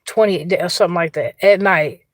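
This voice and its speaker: A woman's voice: on the low side, fairly quick, no room sound. A woman with an Indiana accent telling a story casually on an outdoor livestream, chatty, laughing and greeting viewers by name. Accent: Indiana, US Midwest. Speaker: livestream host.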